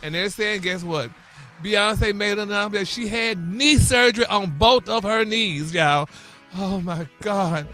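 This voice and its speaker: A man's voice: sits high, unhurried, pushed and bright, soft background music. A man delivering a celebrity gossip segment on morning radio, flamboyant and theatrical, saying honey and y'all constantly.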